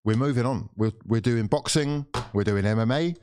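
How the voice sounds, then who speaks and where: A man's voice: mid-range voice, normal speed, a little mellow, slight background noise. A man hosting a live football watchalong, reacting with sighs, swearing and mock despair while calling the play. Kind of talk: live match reaction and commentary.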